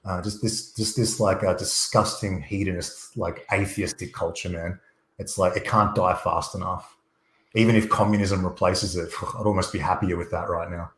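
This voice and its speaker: A man's voice: low-pitched, steady tone, moderate pace, a bit bright, roomy sound, poor audio. A man talking bluntly and emphatically as a guest on a casual livestream, rambling through his points. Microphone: USB desktop microphone.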